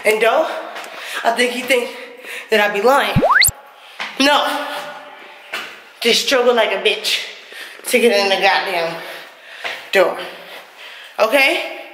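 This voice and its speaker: A woman's voice: a little high, slow pace, pauses often, echoey room, noisy background. A woman vlogger talking to her viewers in loose, slangy casual chat, cursing freely.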